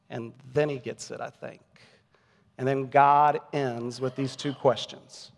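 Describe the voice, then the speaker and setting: A man's voice: medium pitch, fairly even intonation, takes it slowly, vocal fry, long reverb tail. A man preaching a sermon as a pastor, earnest and emphatic, often posing rhetorical questions.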